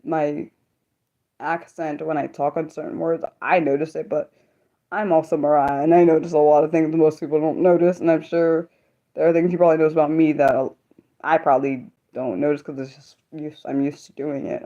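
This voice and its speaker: A young woman chatting casually on her own livestream, talking fast and rambling, breaking off and restarting her sentences. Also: low voice, little pitch movement, dark tone. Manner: fast, rambling, self-interrupting talk. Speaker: livestream host sharing poetry. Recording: dull lo-fi sound.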